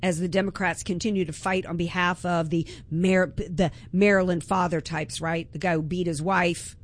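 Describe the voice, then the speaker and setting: A woman's voice: lowish voice, steady tone, normal speed. A woman hosting a political talk radio show, delivering an impassioned, emphatic monologue with frequent restarts.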